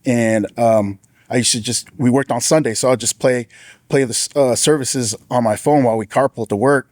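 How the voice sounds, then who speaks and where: A man shares a personal testimony in a plain, middle-pitched voice, telling it casually with frequent restarts. He bumps his pitch up when he quotes others. The sound is dry and close, with little room echo. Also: fairly even intonation, moderate pace, darkish tone. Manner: earnest, casual storytelling with many restarts. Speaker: former sheriff's deputy sharing testimony.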